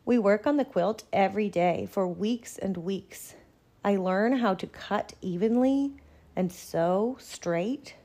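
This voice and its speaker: A woman reading a picture book aloud in a gentle, measured storytelling voice. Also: medium pitch. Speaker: storybook reader.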